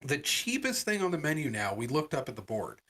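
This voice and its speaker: A man co-hosting a podcast, telling a story in casual chat and acting out the people he quotes. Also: a little fast. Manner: animated, voices quoted people with big pitch jumps. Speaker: podcast co-host.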